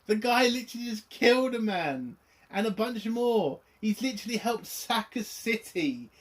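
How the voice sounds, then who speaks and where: A man's voice: high-pitched, very animated, moderate pace. A man giving a casual spoken review of a TV episode, exasperated and sarcastic, swearing often.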